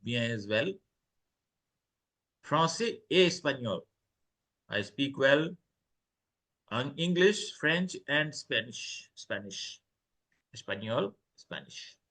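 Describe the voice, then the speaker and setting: A man's voice: mid-range voice, animated, slow, long pauses, sharp tone. A man teaching French online, reading short dialogues aloud and translating each phrase into English.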